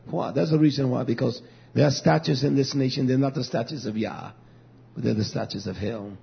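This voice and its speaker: A man preaching a fiery sermon, swinging between loud declarations and low, muttered asides. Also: fairly quick, creaky, breathy edge. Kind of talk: fiery street-style sermon. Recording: dull lo-fi recording.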